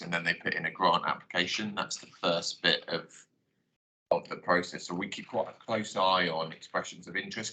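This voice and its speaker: Very deep-voiced man briefing a board. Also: bright, forceful tone, rough recording. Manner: measured, explanatory. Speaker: senior officer. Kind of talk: formal briefing.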